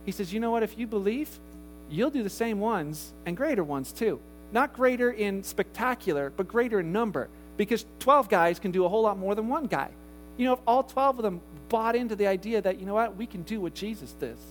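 A high-pitched man speaking fairly quickly preaches to a church congregation, with slight background noise in the recording. The pastor talks casually, poses rhetorical questions to his listeners, and grows loud and animated in the story he tells.

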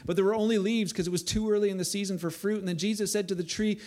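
A man preaching a sermon in a conversational way, building to loud emphatic bursts at times. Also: sits high, fairly even intonation, racing. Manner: conversational preaching, voice rising to near shouts for emphasis. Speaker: pastor.

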